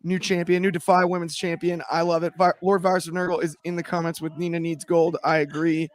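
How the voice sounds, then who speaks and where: A man's voice: fairly high pitch, flat delivery, fast. A man hosting a casual wrestling watchalong, upbeat and chatty, laughing easily. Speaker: host.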